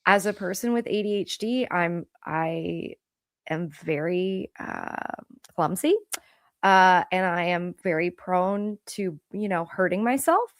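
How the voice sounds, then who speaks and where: A married woman from Hawaii and Southern California, a podcast guest who tells her stories in an animated, self-deprecating way. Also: on the low side, slow, dry recording, clean studio sound. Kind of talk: casual podcast chat.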